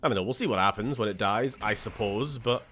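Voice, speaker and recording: A man's voice: fairly low pitch, quick pace, bright, forceful tone. A man from Scotland giving casual gameplay commentary as a streamer, sarcastic and jokey, swearing freely.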